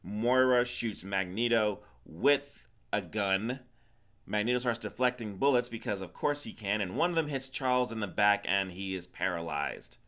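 A man's voice: on the low side, animated, normal speed, fairly bright tone. A man co-hosting a podcast, retelling a film's plot in casual chat with a teasing, emphatic manner. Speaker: podcast co-host. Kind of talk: casual movie recap chat.

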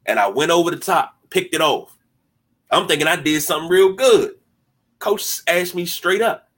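A man talks sports on his podcast, animated and mocking, tripping over repeated words as he gets going. His voice sits a little high with a bright, forceful edge. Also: moderate pace. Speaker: podcast host. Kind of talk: casual sports talk.

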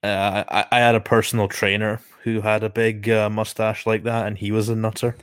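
Casting note: man, casual film-podcast co-host, low voice, blunt and jokey, dry close sound. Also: flat delivery, moderate pace, a bit bright, smooth, no room sound. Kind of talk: casual chat. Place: lives in Scotland.

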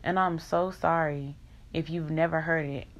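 A woman's voice: deep voice, steady tone, moderate pace. A young woman in an emotional vlog rant, venting in raw, profane country slang.

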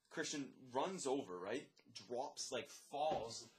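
A man who works as a lifeguard and swim instructor, telling a story in casual chat, animated, swearing, and acting out the dialogue. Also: medium pitch, fairly quick. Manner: animated, swears, many fillers; acts out dialogue, drops to a whisper.

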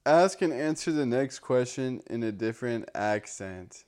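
A man with a clear, smooth voice at an unhurried pace, chatting on a podcast. He stays laid-back and drops "like" all through his sentences. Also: medium pitch, expressive, a little mellow. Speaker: podcast co-host. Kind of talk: casual chat.

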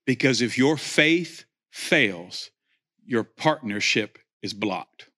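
Male preacher, forceful bright delivery, builds to shouts, jokes in between. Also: mid-range voice, takes it slowly. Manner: animated, rising to near-shouts, joking asides. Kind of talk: sermon.

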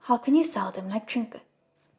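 A woman's voice: a little high, expressive, normal speed, a little mellow, breathy edge. A woman voicing an earnest, kind young male crown prince in a storybook reading, solemn and admonishing.

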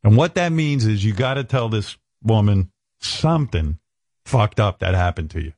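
A man's voice: on the low side, lively intonation, moderate pace, a little mellow, dry recording. An older man hosting a talk show, bantering crudely and mocking people with impressions. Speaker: radio show host.

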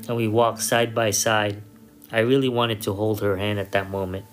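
Low voiced guy reading a story, calm and measured, quiet guitar under him. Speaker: narrator. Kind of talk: first-person story reading. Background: soft guitar music.

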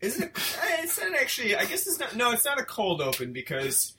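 A man's voice: very high voice, brisk, a little hiss or hum. A man co-hosting a casual film review podcast, rambling and joking at his own expense. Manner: rambling, self-deprecating, lively. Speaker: podcast co-host.

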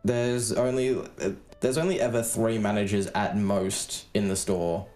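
A man's voice: lowish voice, measured pace, a little mellow, faint music behind. A man with an Australian accent, co-hosting a podcast in casual chat, laid-back, swearing freely and using lots of fillers. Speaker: podcast co-host.

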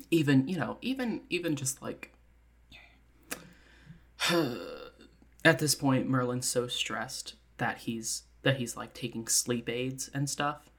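A woman's voice: rumbling low, unhurried, hardly any pauses, breathy edge. A woman casually retelling a film scene with lots of energy, acting out lines and laughing along. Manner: animated storytelling with acted-out quotes and frequent laughter.

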